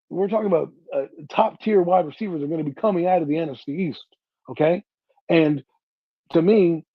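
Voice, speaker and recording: Husky, higher-voiced man talking sports. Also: dry recording. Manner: emphatic, keeps checking in with "okay?" and "right?", swears casually. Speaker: podcast co-host. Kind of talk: casual sports talk. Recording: dull lo-fi sound.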